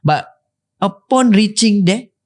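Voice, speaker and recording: A man's voice: sits high, expressive, slow. A Singaporean man hosting a casual podcast, steering the talk and mixing Malay and English. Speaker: podcast host. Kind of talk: casual chat.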